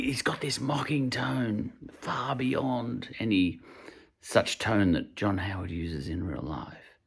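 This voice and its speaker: A man's voice: fairly low pitch, takes it slowly, vocal fry, husky. An Irish man giving a casual spoken book review, rambling and hesitant as he searches for his words. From Ireland.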